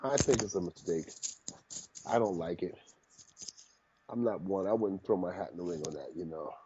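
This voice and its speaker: A man's voice: deep voice, normal speed, muffled recording, noisy background. A man, a boxing trainer, talking casually in an interview and telling stories from the gym, often repeating his phrases. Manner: animated storyteller, repeats phrases.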